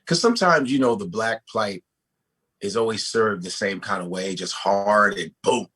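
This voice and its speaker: A comedian talking casually as a guest, animated and profane, often restarting his sentences. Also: lowish voice, moderate pace, a little hiss or hum. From United States. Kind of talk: casual podcast conversation.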